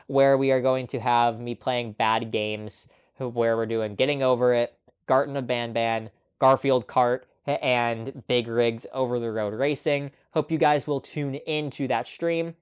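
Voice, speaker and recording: A man hosts a relaxed live movie chat, rambling casually and laughing softly between thoughts. His voice is smooth and clear, sitting at an ordinary middle pitch. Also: measured pace, lo-fi sound. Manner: chatty, laughs often, lots of ums. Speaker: host.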